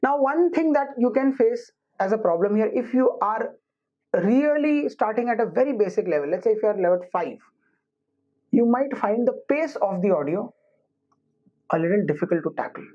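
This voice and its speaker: A woman teaching IELTS listening, explaining slowly and restating her points. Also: on the high side, expressive. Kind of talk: recorded classroom lesson. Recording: muffled lo-fi recording.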